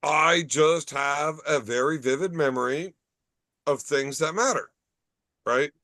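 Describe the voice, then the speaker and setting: A man's voice: fairly high pitch, slow, bright, forceful tone, dry recording. A man hosting a casual bar chat podcast, telling profane, rambling stories. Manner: profane, storytelling. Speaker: podcast host.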